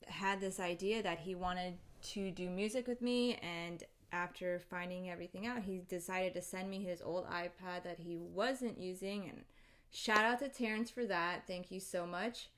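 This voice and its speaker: A woman in a casual comedic rant, recording alone on a home microphone and talking in an animated, profane, exasperated way. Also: on the low side, normal speed. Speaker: solo podcaster.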